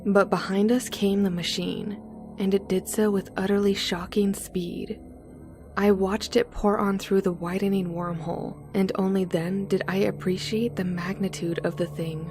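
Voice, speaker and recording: A woman narrating a horror story in the first person, slow and deliberate. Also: mid-range voice, little pitch movement, darkish tone, soft background music.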